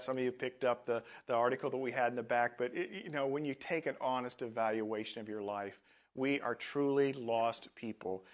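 A man preaching a sermon as a pastor, speaking earnestly. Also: medium pitch. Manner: earnest, with frequent fillers and restarts.

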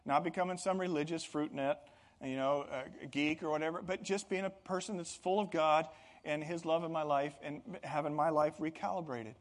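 A man's voice: a little high, fairly even intonation, moderate pace. Earnest man preaching a sermon. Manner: earnest, rising to emphatic bursts. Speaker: pastor.

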